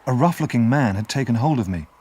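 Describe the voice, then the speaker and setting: A man narrating a classic story as an audiobook in a measured, expressive storytelling manner. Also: mid-range voice, breathy edge.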